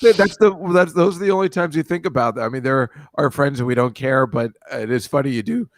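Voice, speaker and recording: A middle-aged male comic trades teasing jokes in a relaxed chat. His voice sits at an ordinary pitch, and the recording is dry and close. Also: brisk, dry recording. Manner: joking, teasing, deadpan jabs. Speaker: comedian guest. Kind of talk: casual comedic chat.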